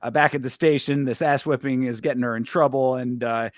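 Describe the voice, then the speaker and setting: A man's voice: medium pitch, fairly even intonation, fairly quick, no room sound, studio quality. A man co-hosting a casual film review, recapping scenes at length with many fillers and restarts.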